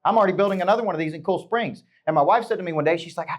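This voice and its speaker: A man's voice: sits high, rapid-fire. A middle-aged man, a business coach, giving a punchy motivational talk to a live audience and peppering them with rhetorical questions.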